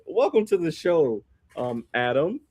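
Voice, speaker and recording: A man's voice: on the high side, sing-song, a little slow, a little mellow, no echo. A man co-hosting a comics podcast, tired and easygoing, laughing and teasing his partner. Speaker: podcast co-host. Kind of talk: casual podcast chat.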